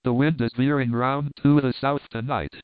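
A man giving a measured, even narration of a classic story. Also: medium pitch, smooth, dry recording. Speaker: audiobook narrator. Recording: narrow phone-like band, dry.

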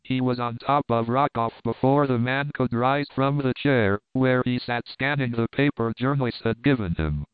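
Guy narrating an old adventure book, smooth clear voice, dry close sound. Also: medium pitch, normal speed, hardly any pauses, no room sound. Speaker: audiobook narrator. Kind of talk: scripted narration. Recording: crisp, dry, phone-like narrow sound.

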